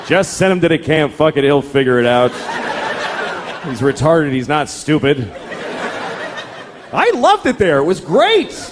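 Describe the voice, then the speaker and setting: A middle-aged man performs stand-up on a large theater stage before a live audience, ranting animatedly with exasperation and lots of profanity. His voice is fairly high and unhurried, with crowd noise in a noisy background.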